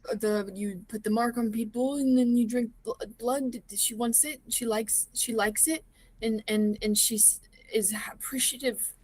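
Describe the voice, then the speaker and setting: A woman playing a tabletop role-playing game, describing her character's actions haltingly with many fillers. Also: a little high, fairly even intonation, darkish tone. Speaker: player. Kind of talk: casual tabletop game chat.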